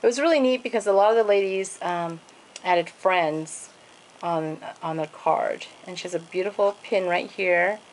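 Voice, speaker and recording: A woman's voice: on the low side, moderate pace, a little hiss or hum, rough recording. A woman casually showing off craft pages in a home video, gushing over each piece and stringing details together with "and then" and fillers. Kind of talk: casual show-and-tell.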